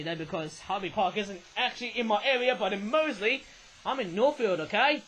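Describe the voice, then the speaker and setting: A man's voice: high voice, animated, a little fast, bright, forceful tone, a little hiss or hum, low-quality recording. A young man, rambling through a casual toy review and tagging his sentences with a questioning "eh?". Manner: rambling, ends phrases with a questioning "eh?".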